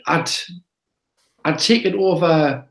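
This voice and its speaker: A man's voice: a little high, slow, gravelly, roomy sound, poor audio. A man, rambling and hesitant in casual chat as a podcast co-host. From England.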